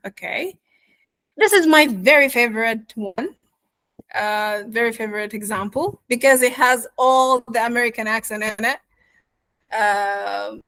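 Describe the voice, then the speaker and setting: A woman gives an online pronunciation lesson, repeating words slowly and encouraging her students. Her voice sits a little high. The sound is dry and close. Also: a bit bright, dry recording, rough recording. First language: Arabic. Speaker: accent teacher.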